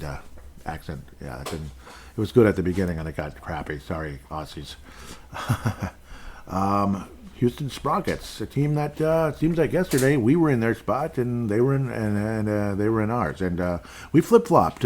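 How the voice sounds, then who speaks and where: A man's voice: lowish voice, darkish tone, slight background noise. A man hosting a solo sports podcast, rambling casually with jokey, self-deprecating asides. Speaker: podcast host.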